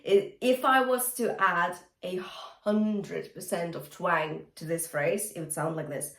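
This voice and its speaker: A woman's voice: fairly low pitch, fairly even intonation, a little slow, a bit bright. A woman vocal coach giving a chatty, encouraging singing lesson, breaking into short sung demonstrations. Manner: encouraging, chatty teacher who breaks into song. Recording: roomy sound with faint guitar music.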